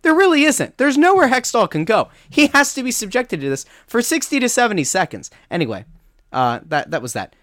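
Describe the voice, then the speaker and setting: A man's voice: extremely high pitch, a little fast, dry recording, studio quality. A man co-hosting a casual sports podcast, telling a story with lots of restarts and fillers. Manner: animated storytelling with many restarts. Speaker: podcast co-host.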